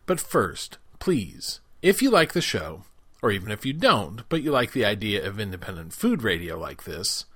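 A man's voice: lowish voice, very animated, normal speed, a bit bright, breathy edge. A man hosting a radio show, making an earnest, direct appeal to his listeners to support it. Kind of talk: promo read to listeners.

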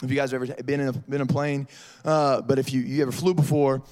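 A man's voice: mid-range voice, fast talker. A man preaching to middle schoolers as a youth pastor, telling stories. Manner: lively storytelling, addresses audience as y'all. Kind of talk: youth sermon.

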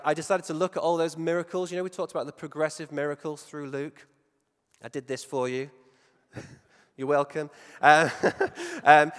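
A man preaching a sermon in a conversational way, often asking his listeners questions and dropping to a hush to stress key points. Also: medium pitch. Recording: long reverb of a large hall.

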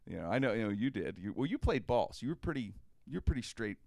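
A man's voice: fairly low pitch, sing-song, fast talker, gravelly, darkish tone, no room sound. A middle-aged man hosting a podcast, telling a casual anecdote animatedly and laughing often. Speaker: podcast host. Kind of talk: casual storytelling.

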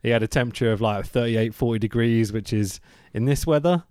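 A man's voice: mid-range voice, fairly quick, a little mellow, smooth, dry recording. A young man hosting a casual podcast chat, talking animatedly, swearing and laughing often. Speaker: podcast host.

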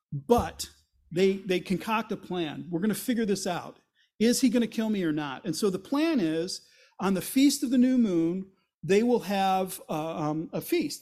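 High-voiced pastor retelling scripture. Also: male voice. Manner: retells scripture in lively, casual storytelling; acts out quoted voices with rising intensity. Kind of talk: sermon.

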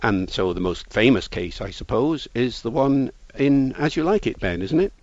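A man, a language expert, explaining things in a measured, lecturing way during an interview. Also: mid-range voice, animated, a little mellow, no echo. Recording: dull lo-fi recording.

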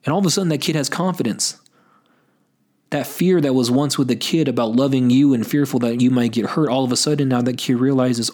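A man's voice: medium pitch, fairly quick, darkish tone. A man hosting a faith talk show, giving earnest pastoral advice to listeners in an unscripted way, often repeating and restarting his words. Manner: earnest and exhortative, addresses listeners as folks. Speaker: host of a Catholic talk show.

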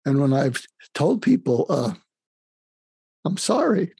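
An older man talks in a gravelly, husky voice, slow and halting, with many small pauses. He sounds calm and close to the mic. The room adds little echo. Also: on the high side. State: facing terminal illness. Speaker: guest, psychiatrist and author. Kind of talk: emotional conversational interview.

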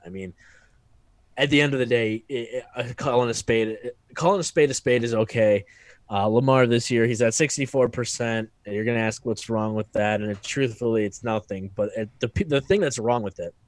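A man's voice: mid-range voice, no echo. Opinionated man arguing football stats. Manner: opinionated, swears freely, builds arguments with stats. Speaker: sports podcast co-host. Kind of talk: casual sports debate.

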